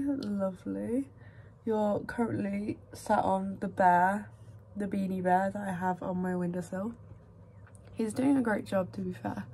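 A young woman talks to the camera in a loose, rambling way and laughs often. Her pitch sits at an ordinary middle height for a woman, and she chats like she is talking to a friend. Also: mellow, slight background noise. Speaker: vlogger. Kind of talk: casual chat to camera.

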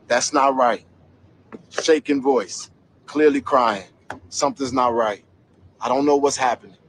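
A man's voice: medium pitch, a little hiss or hum. A man giving an angry vlog commentary rant, heated, profane and emphatic. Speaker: commentator investigating a local scandal.

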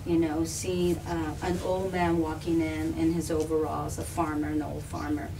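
A woman telling a personal story on a live panel, animated and often laughing, with restarts and repetitions. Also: deep voice, normal speed, creaky. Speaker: filmmaker and activist guest. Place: live event room with an audience. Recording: distant mic with background noise.

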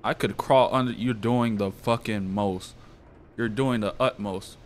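A man playing a horror game, talking to himself and breaking into loud, profane reactions and shrieks. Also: lowish voice, unhurried, slight background noise. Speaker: gaming YouTuber. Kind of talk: horror game let's play commentary.

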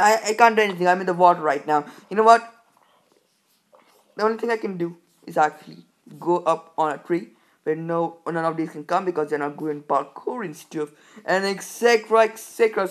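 A woman hosting a gameplay video, giving excitable commentary full of startled exclamations and rambling repeated fillers. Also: mid-range voice.

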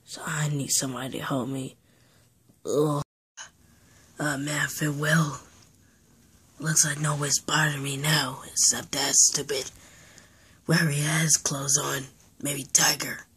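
A woman's voice: deep voice, level tone, a little slow, pauses often, a bit bright, slightly rough. A woman narrating and voicing toys in an improvised play, talking in a half-whispered, sighing, rambling way. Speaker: toy play video maker.

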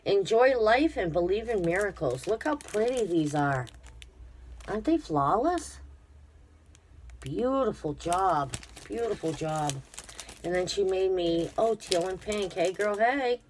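A woman's voice: medium pitch, lively intonation, a little slow, darkish tone, a little hiss or hum. A woman vlogger chatting casually to her viewers while unboxing a craft gift, gushing with effusive praise. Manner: talks to viewers directly.

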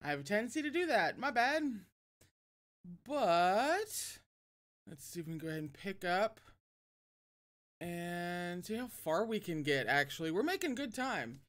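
A woman hosting a casual livestream, chatting warmly and self-deprecatingly between reading a novel aloud. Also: on the low side, sing-song, moderate pace.

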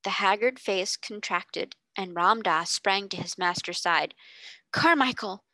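A woman tutor reading a classic novel aloud in clear, steady storybook narration. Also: mid-range voice, unhurried, no echo.

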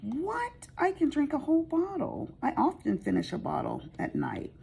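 A shrill, incredulous woman who brags that a whole bottle of wine is nothing to her, as a chatty woman puts her on. The voice jumps up high and scoffs at any worry. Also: wildly swooping pitch, normal speed, creaky, dark tone, slight background noise, full character voice. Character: boastful woman who drinks heavily.

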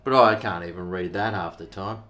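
A man's voice: deep voice, moderate pace, bright, forceful tone. A middle-aged Australian man, a vlogger, rambling in a laid-back, slangy way while he tastes and reviews a beer. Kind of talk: casual beer review vlog.

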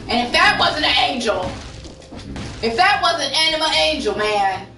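Bright, frank woman streamer in an echoey room. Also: high voice, animated, measured pace. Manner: candid, frank, swears freely. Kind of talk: casual storytelling to a live chat. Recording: roomy sound from a distant mic. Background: faint music.

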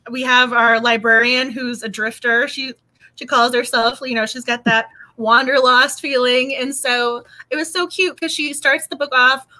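A woman hosts a casual book club livestream from home, bubbly and quick to laugh. Her voice sits high and sounds bright and sharp. She talks in an easy, chatty way. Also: fairly even intonation.

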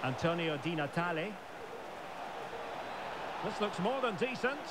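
Brief: a video game football commentator, high voice, calm and measured, rising on chances. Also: male voice. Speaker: match commentator. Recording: game audio under loud background noise.

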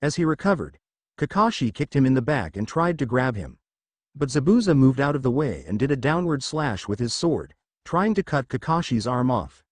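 A man's voice: medium pitch, sing-song, moderate pace, no echo. A man narrating a fan-fiction story aloud, reading every note literally.

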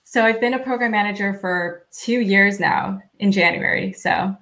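Female guest, mid pitch, soft-spoken and friendly, video call. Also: normal speed. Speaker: guest program manager. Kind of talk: casual live-stream chat.

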